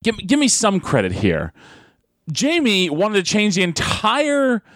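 A man's voice: sits high, a little slow, no room sound, clean studio sound. A man, a wrestler, chatting casually on a podcast, telling stories with lots of laughs and acted-out voices. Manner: animated storyteller, laughs often, acts out voices. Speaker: pro wrestler, podcast guest.

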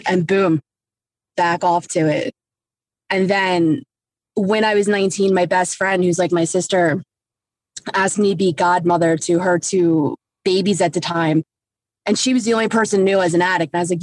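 A woman's voice: mid-range voice, steady tone, normal speed, no room sound. A woman, casually and frankly telling her own story, swearing and acting out what people said. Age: 30s. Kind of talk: candid personal storytelling.

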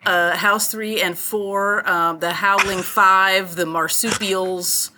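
A woman's voice: medium pitch, fairly even intonation, slow pace, background noise. A woman co-hosting a podcast, chatting casually and laughing often. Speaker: podcast co-host. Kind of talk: casual chat.

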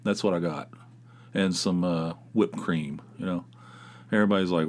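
Middle-aged male podcast host, low voice, rambling and self-deprecating, casual solo chat. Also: expressive, moderate pace. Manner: rambling, self-mocking storyteller who gets fired up.

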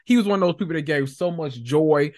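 A woman co-hosting a podcast in casual chat, supportive and quick to laugh. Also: deep voice, a little mellow. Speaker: podcast co-host.

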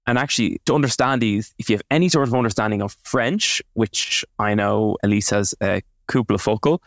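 A man's voice: lowish voice, a little fast, dry recording, studio quality. A man co-hosting a podcast, explaining things in a casual way with lots of fillers and restarts. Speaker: podcast co-host.

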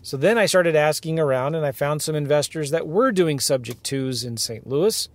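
Animated man ranting in a car. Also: a little high, moderate pace, dry recording. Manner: animated, firing rhetorical questions. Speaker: podcast host, real estate investing coach. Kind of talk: ranting monologue.

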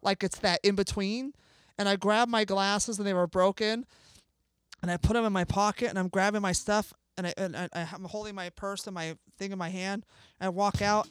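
A woman being interviewed as a guest, telling an emotional story in an animated way and acting out what people said. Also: mid-range voice. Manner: animated, acts out dialogue, swears freely. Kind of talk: emotional first-person storytelling.

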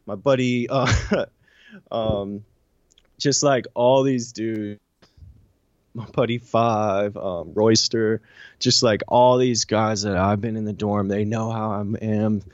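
A man in an interview recounting a personal story, animated and profane, with lots of "you know" and "I'm like". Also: fairly low pitch, takes it slowly, no echo, dull audio. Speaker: interview guest.

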